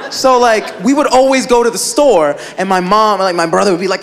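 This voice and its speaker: A man's voice: sits high, fairly quick, few pauses. A man doing a stand-up comedy routine on a club stage, telling a story with lots of "like" fillers and acting out the people in it. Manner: animated storytelling, frequent "like" fillers, acts out characters. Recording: live club with loud crowd laughter and noise.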